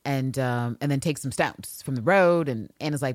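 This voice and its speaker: A woman co-hosting a casual recap podcast, talking in a loud, profane, animated way and slipping into character voices. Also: extremely low pitch, normal speed, dry recording, clean studio sound. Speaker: podcast co-host.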